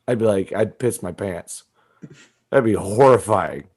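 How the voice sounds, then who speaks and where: A man with a deep, gravelly voice chats loosely on a comedy podcast. He swears constantly and riffs from one bit to the next. His delivery is crude and loose. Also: a little slow, a little mellow. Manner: crude, swearing, riffing with laughs. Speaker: podcast co-host. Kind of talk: casual comedy podcast chat.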